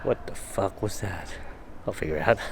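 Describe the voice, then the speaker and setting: A man's voice: lowish voice, moderate pace, gravelly. A man from the Philippines talking casually to camera in a vlog, rambling with many fillers and breaking into angry swearing rants. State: headache, migraine. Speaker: vlogger. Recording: noisy street and traffic behind.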